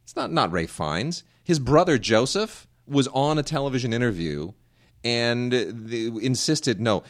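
A man's voice: mid-range voice, expressive, moderate pace. A man co-hosting a podcast in casual chat, telling stories animatedly, repeating words and mimicking how names are said. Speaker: podcast co-host.

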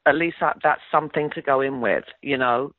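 A woman's voice: a bass voice, a little fast. A middle-aged woman from England whose accent has drifted to mid-Atlantic, telling stories with lots of ums, restarts and easy laughs. The sound is thin and phone-like. The room behind her is dead dry, with no echo. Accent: mid-Atlantic English. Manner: chatty storyteller, laughs easily, many ums and restarts. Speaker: actress, interview guest. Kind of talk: casual interview chat. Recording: tinny phone-like line, dry.

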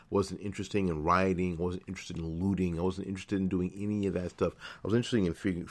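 Deep-voiced middle-aged man telling a story. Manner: storytelling, repeats phrases, self-corrects. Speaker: internet radio show host. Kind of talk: casual monologue. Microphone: studio microphone.

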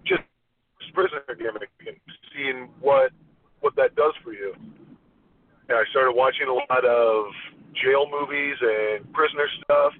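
A man's voice: mid-range voice, very animated, measured pace. A man, a former wrestler, telling a story in an interview, rambling with frequent restarts. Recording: tinny phone line with faint hiss.

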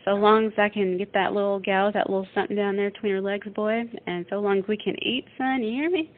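A woman's voice: medium pitch, steady tone, fast talker, close to an everyday voice. A woman doing a wild, hungry young drifter. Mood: hungry, excited. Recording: tinny phone-like line.

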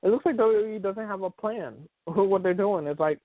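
A man with a high-sitting voice talks fairly quickly as host of a casual sports show, rambling with lots of fillers and restarts. He's on a phone call, so the sound is tinny and dry with no echo.

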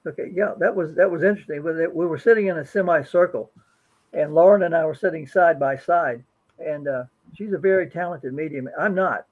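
A man's voice: on the high side, fairly quick, phone-quality sound. A man guest and co-author telling a personal story earnestly, often repeating words as he goes. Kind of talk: interview storytelling.

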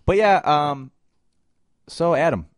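A man's voice: a little high, takes it slowly, no echo. A man in his early twenties co-hosting a podcast in loose, profane casual chat, laughing often. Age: 20s. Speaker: podcast co-host. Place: small hot room.

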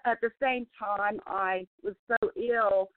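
A woman's voice: mid-range voice, steady tone, no echo. Woman testifying over a tinny phone. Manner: halting, emotional, often restarts. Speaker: testimony guest. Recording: dry tinny phone line.

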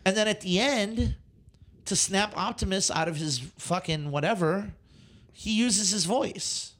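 Guy ranting about movies, fairly high voice, swears a lot, gets worked up. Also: measured pace. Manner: animated, swears often, exasperated rants. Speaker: podcast co-host. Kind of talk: casual movie chat.

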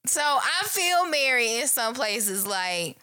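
A woman's voice: a little high, takes it slowly, no echo. A young woman co-hosting a casual podcast recap, laughing often and swearing freely. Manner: laughs often, animated and profane. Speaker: podcast co-host. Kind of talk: casual chat recapping reality TV.

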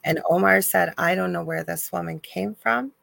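A woman's voice: fairly low pitch, normal speed, creaky, fairly bright tone, dry recording. A woman co-hosting a live talk show, telling a story with strong emotion and animation. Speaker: co-host. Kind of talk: live call-in chat.

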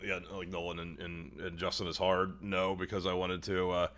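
A young man on a podcast, telling a long story casually, swearing often and putting on quick voices for the people in it. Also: low voice, flat delivery, fairly bright tone. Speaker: podcast co-host. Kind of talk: casual chat.

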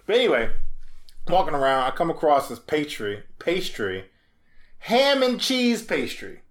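Animated young man telling stories. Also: fairly high pitch, unhurried. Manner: animated storyteller, swears, acts out quotes. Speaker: podcast co-host. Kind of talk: casual chat.

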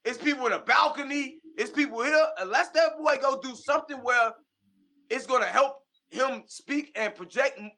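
A man's voice: extremely high pitch, normal speed, bright, forceful tone. A man co-hosting a casual battle rap podcast, arguing his point in laid-back slang. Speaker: podcast co-host.

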